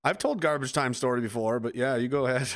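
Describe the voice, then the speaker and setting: A man's voice: medium pitch, fast talker. A man hosting a casual podcast chat, rambling and swearing as he tells stories. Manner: rambling, profane, animated storytelling with acted quotes.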